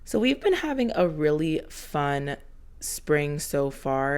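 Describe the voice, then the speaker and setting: A woman's voice: low-pitched, big pitch swings, takes it slowly, a little mellow, clean tone. A woman in her thirties narrating a homemaking vlog in a chatty, earnest voiceover, slightly out of breath. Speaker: homemaking vlogger.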